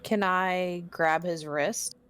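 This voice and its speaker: A woman's voice: lowish voice, fairly even intonation, takes it slowly, a bit bright, clean tone. A woman taking part as a player in a tabletop game, direct and questioning. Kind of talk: casual tabletop play.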